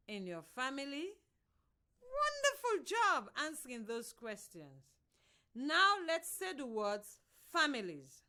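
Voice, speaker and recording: A woman teacher from Sierra Leone giving a slow, drawn-out primary reading lesson on radio. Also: a little high, bright, forceful tone. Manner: slow, drawn-out classroom instructions.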